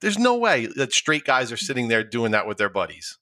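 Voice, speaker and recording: A man's voice: medium pitch, brisk. A middle-aged man co-hosting a podcast in casual chat, laughing often and repeating himself as he talks. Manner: laughs often, animated, stumbles and repeats words. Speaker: podcast co-host.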